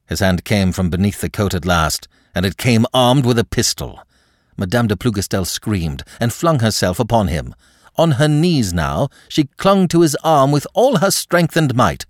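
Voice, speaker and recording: A man narrating a classic novel in a dramatic, expressive way. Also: lowish voice, moderate pace, no room sound, studio quality. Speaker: audiobook narrator.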